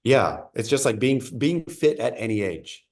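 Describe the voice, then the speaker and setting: A man with a voice of ordinary pitch, co-hosting a relaxed podcast chat. He jumps into ideas with animated emphasis and builds hypotheticals as he speaks. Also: normal speed. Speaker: podcast co-host.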